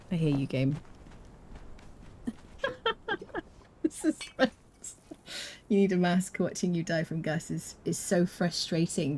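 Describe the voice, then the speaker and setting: A woman's voice: fairly low pitch, mellow, husky. A woman streaming a survival game, chatting playfully with her viewers and laughing often. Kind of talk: live game commentary.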